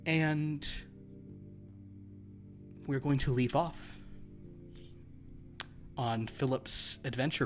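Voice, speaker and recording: A man's voice: mid-range voice, drawn-out words, long pauses, soft background music. A man running a tabletop horror game as game master, chatty and laughing between lines.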